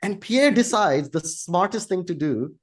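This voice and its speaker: Animated man telling a story on a podcast. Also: high voice, a little slow. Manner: animated, swearing, laughing while telling a story. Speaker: podcast co-host. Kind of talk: casual chat, storytelling.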